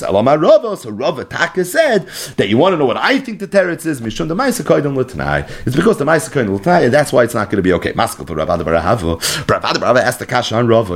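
Man, talmud lecture, mixes in aramaic and hebrew terms, lively rising and falling pitch. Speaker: Talmud teacher. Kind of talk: daf yomi Talmud lecture.

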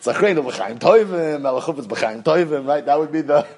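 A man's voice: a little high, a little fast. A man with a Yeshivish English accent teaching a Talmud class, chanting the text in a sing-song study style. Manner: animated, sing-song study chant with Yiddish and Hebrew terms.

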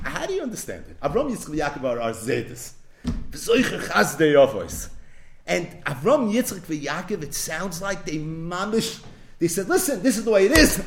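Animated high-voiced male Torah teacher. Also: slight background noise. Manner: animated storyteller weaving Hebrew phrases with English. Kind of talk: animated religious class.

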